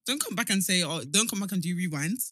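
Lively, husky woman co-host. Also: on the low side, fast, no room sound. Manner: animated, teasing, laughs often. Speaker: podcast co-host. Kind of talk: casual chat.

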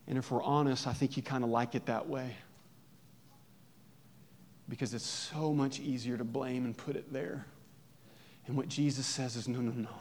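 A man pastor preaching a conversational sermon, joking and asking his listeners many questions. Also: medium pitch.

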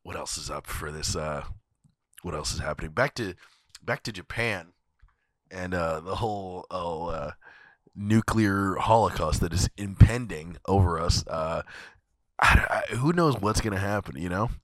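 Low-voiced profane podcast host, dry. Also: male voice, measured pace, no room sound. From USA. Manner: animated, profane, laughs often. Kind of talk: casual comedic monologue.

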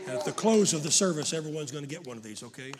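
An older man preaching a fervent sermon to a congregation, often rising to shouts. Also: a little high, animated, rapid-fire, crowd noise. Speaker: pastor.

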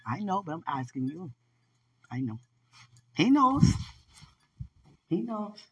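A lively vlogger whose pitch swings up and down while chatting aloud to God. The voice has a husky, slightly rough edge, with frequent laughter and quiet, hushed asides. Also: slow pace, dull audio. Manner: animated and chatty, laughing often, drops to a hush at times. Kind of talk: casual monologue talking to God.

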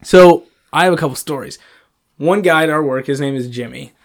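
A young man casually telling stories about his coworkers, animated and full of fillers like "like" and "um.". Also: on the high side, brisk. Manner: animated storyteller, many fillers like "like" and "um". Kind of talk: casual storytelling chat.

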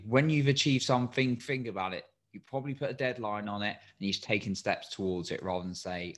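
A male coach gives a motivational talk in a fairly low voice. He sounds tired but stays encouraging. He keeps putting direct questions to the listener. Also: a little fast, few pauses. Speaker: coach and podcast host.

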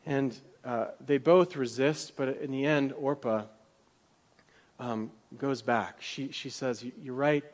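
A man preaching a sermon as pastor, retelling biblical characters' words with rising drama and sometimes dropping to a soft whisper. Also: mid-range voice, slow. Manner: drops to a soft whisper at tender moments. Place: church.

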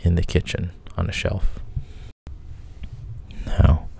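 A man's voice: sits low, completely flat delivery, slow pace, gravelly, dark tone, a little hiss or hum. A man casually retelling an old myth in a conversational, plain manner, with the odd filler. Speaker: storyteller.

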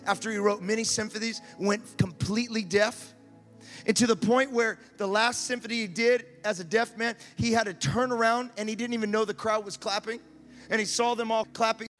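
A man preaching a sermon with passion, building to shouts and stumbling over repeated words. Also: high-pitched, big-room sound.

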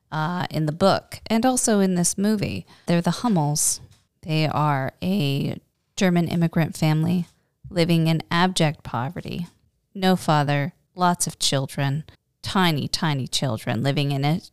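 A chatty woman with a low voice co-hosts a podcast. She talks with enthusiasm and wanders into tangents. The sound is close and dry. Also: no room sound. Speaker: podcast co-host. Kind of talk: casual chat.

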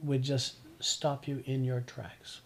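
A middle-aged man, chatting as a podcast guest. He tells unhurried, reflective stories and often stops and restarts his sentences. His voice sits in an ordinary middle range. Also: medium pitch, level tone. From Newfoundland, Canada. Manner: reflective, rambling storyteller with frequent restarts. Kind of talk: casual conversation.

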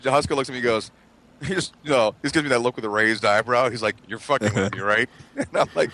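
A man's voice: medium pitch, fast talker, a bit bright. A man casually telling a funny story to friends, swearing a lot and acting out what people said. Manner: profane, laughing, acts out quotes. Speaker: podcast co-host.

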